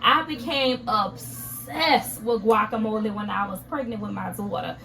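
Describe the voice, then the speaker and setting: A woman's voice: on the high side, unhurried, pushed and bright, rough recording. A young woman, chatting casually and rambling with many fillers in a home vlog. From Louisiana, USA. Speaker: vlogger. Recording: music playing behind.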